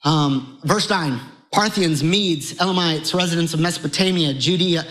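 Animated high-voiced preacher man. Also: normal speed, low-quality recording. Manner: animated, conversational preaching with sudden rises in pitch. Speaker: pastor. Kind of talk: sermon.

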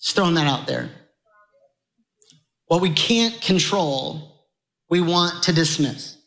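A man preaching a sermon to a congregation, conversational and animated, his voice jumping higher as he gets excited. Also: slow, poor audio. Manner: animated, conversational preaching with sudden rises in pitch. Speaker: pastor.

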